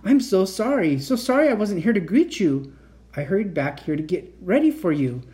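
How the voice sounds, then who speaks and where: A fussy, absent-minded uncle inventor, as a man reading a children's storybook puts him on. He talks in a raised, lively, apologetic voice with big swings in pitch, the voice still mellow and dark underneath. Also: moderate pace. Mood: flustered. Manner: fussy, apologetic, higher than the reader's own voice. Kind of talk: reading a children's book aloud.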